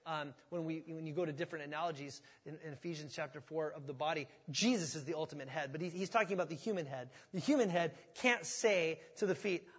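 A male pastor delivers a relaxed, conversational sermon, checking in with the congregation as he goes. His voice sits high and has a husky edge. The sound carries the long reverb of a church sanctuary. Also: quick pace. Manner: conversational, asks the congregation questions.

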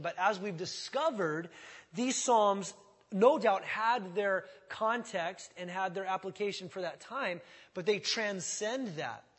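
A man's voice: high-pitched, a bit bright, husky. A man in his forties preaching a sermon as pastor, conversational and earnest, with frequent fillers and self-corrections. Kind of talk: sermon, verse-by-verse Bible teaching. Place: church sanctuary.

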